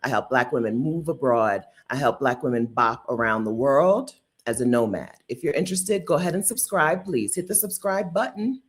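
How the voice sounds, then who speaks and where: A woman's voice: rumbling low, normal speed, hardly any pauses. A woman hosting a casual livestream, chatty and playful, laughing often and answering viewer comments. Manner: chatty with many asides and restarts. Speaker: livestream host.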